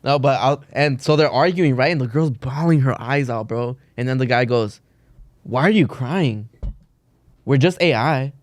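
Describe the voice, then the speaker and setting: A man's voice: mid-range voice, normal speed, no room sound. A young man co-hosting a podcast, telling a rambling, slangy story in casual chat and saying "bro" a lot. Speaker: podcast co-host.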